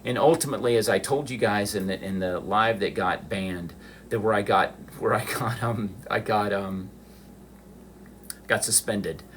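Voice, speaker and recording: A middle-aged man telling a personal story on a livestream, emotional and halting, restarting his sentences. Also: on the low side, fairly bright tone, slight background noise. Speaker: livestream host.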